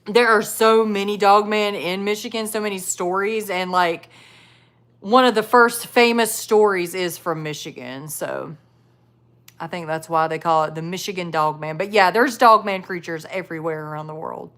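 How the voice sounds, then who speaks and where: This live streamer, a woman with a Southern US accent, reacts to videos and chat in a casual, blunt way, peppering her talk with "like" and "you know." Her voice is fairly low and a bit bright, with a steady tone and a moderate pace.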